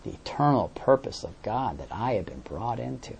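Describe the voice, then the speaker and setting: A man's voice: on the low side, very animated, normal speed, creaky, darkish tone, slight background noise. A man preaching a sermon, explaining verses with everyday examples and often repeating words as he searches for the next phrase.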